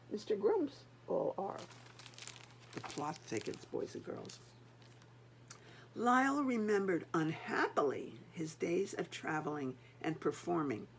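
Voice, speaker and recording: A woman's voice: fairly high pitch, a little mellow, slight background noise. An older woman, a grandmother, reading a picture book aloud and chatting to the children between pages.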